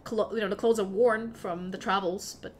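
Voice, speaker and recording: A woman's voice: medium pitch, steady tone, moderate pace, a little hiss or hum. A woman narrating as game master of a tabletop fantasy game, chatty and given to laughing asides.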